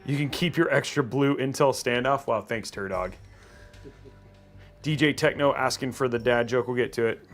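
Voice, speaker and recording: With faint music behind him, a man hosting a PC-building livestream talks through his work at a moderate pace in a mid-range voice. He trails off, starts sentences over and reads viewer messages aloud in a casual way.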